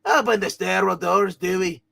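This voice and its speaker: A man voicing a gruff, shrewd old male duck tycoon in a live comic reading, gloating and boastful. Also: high voice, fairly even intonation, moderate pace, pushed and bright, exaggerated voice. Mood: smug.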